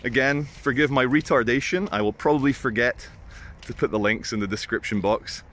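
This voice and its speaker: A man's voice: mid-range voice, brisk, fairly bright tone. A British man spins casual stories for his channel, rambling and self-mocking. He swears freely and wanders off on asides. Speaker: vlogger. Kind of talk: casual anecdotal storytelling.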